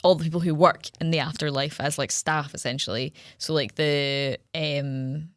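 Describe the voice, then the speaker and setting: A woman co-hosting a podcast chats casually about a film, rambling and using lots of fillers. Her voice is deep, with fairly even intonation and a normal speed. The recording is dry and clean, with studio sound.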